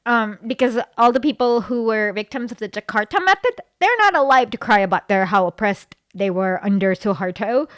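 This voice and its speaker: A woman's voice: a little high, expressive, normal speed, few pauses, no echo, studio quality. A woman host giving blunt, sarcastic reaction commentary with many fillers.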